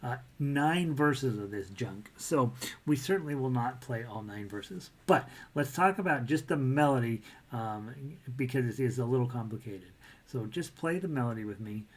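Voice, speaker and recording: A man's voice: mid-range voice, expressive, moderate pace. A man teaching a casual ukulele lesson, chatty and self-deprecating, breaking into bits of sung melody. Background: ukulele playing.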